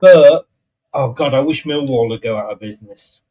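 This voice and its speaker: Blunt English fan, sounding far off. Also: male voice, mid-range voice, warm tone. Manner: blunt, banter-heavy, halting. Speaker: co-host. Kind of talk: casual football chat. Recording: distant from the mic.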